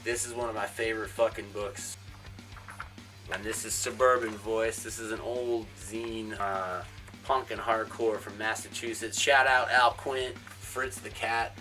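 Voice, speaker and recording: A man's voice: fairly low pitch, bright, forceful tone. A young man from a band giving a casual tour of his home and backyard, offhand and swearing a lot. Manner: profane, jokey and offhand. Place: home, indoors then backyard.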